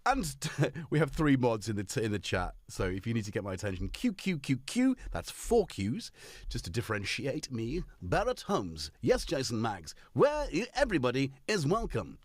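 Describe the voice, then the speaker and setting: A man's voice: medium pitch, wildly swooping pitch, moderate pace, no room sound, clean studio sound. Chatty British man hosting a stream. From United Kingdom. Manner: chatty and jokey, greets viewers by name. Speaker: host. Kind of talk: casual live-stream chat. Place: home studio. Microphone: headphones on, studio mic.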